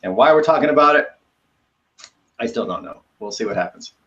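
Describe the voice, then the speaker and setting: A man's voice: mid-range voice, lively intonation, fairly quick, a bit bright. A man co-hosting a casual talk show, easygoing and joking, on a dull lo-fi remote line. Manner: easygoing, joking, laughs between thoughts. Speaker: co-host.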